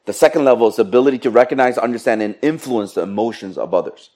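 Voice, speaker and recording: Middle-aged male preacher, lively and joking, talks straight to the congregation. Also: medium pitch, rapid-fire. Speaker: pastor. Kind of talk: sermon.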